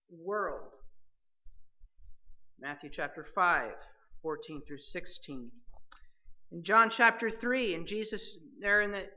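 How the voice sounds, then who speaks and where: Bright, emphatic preacher on a muffled recording. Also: mid-range voice. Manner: emphatic, addresses listeners directly as believers. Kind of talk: sermon.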